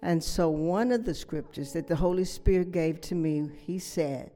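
A woman's voice: lowish voice, normal speed, hardly any pauses, mellow, soft background music. A woman preaching a sermon with emphatic repetition, stressing key words and adding frequent amens and hallelujahs.

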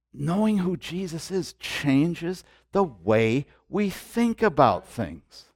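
An older man preaching a sermon in a conversational storytelling way, moving between soft asides and loud preaching. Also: fairly high pitch, big pitch swings, slow, hardly any pauses, dry recording, clean studio sound. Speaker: pastor.

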